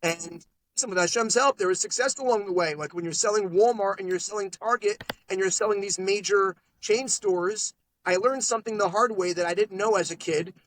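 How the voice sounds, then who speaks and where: A man, a podcast guest telling sales stories in a lively, animated way. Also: high voice, slight background noise, rough recording. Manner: animated salesman storytelling, quick asides. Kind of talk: casual storytelling interview. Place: podcast studio.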